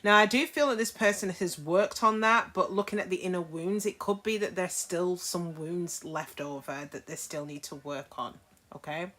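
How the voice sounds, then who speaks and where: A woman's voice: on the low side, moderate pace, a bit bright. A woman giving a casual tarot reading to camera, frank and chatty, often checking in with her listeners. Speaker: tarot reader.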